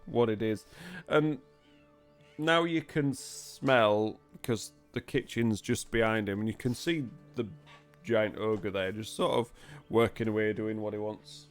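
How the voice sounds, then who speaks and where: A man's voice: fairly low pitch, measured pace, clear, resonant tone, faint music behind. A man with a northern English accent, narrating a tabletop game as game master in a chatty, self-deprecating way, close to the mic.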